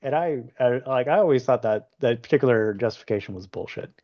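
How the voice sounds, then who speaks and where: A man's voice: medium pitch, expressive, fast talker, dull audio. A man as a podcast guest, pushing back bluntly in a political debate. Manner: blunt and dismissive, often interrupted.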